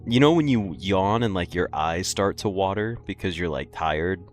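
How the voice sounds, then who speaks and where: A tired young man with a low, animated voice streams a game at a moderate pace. He chats loosely with viewers, yawns, and rambles with many fillers.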